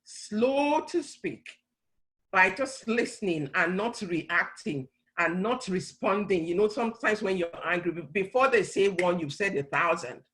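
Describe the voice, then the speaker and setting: A woman's voice: mid-range voice, lively intonation, measured pace, a bit bright, rough recording. A middle-aged woman speaking on a church talk panel, earnestly explaining and often restarting her phrases. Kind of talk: conversational teaching talk.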